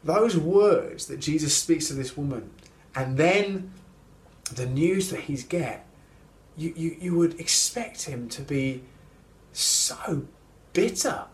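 Man, preacher, sermon, storytelling, fairly high voice, roomy echo. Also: expressive. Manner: conversational storytelling, slowing for emphasis.

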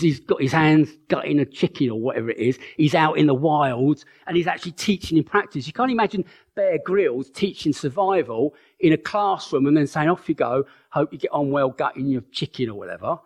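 A man delivers a conversational sermon with a lively, animated voice that swings widely in pitch. He sits a little higher than most men and keeps checking in with his listeners. He acts out the voices in his stories. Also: normal speed. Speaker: preacher.

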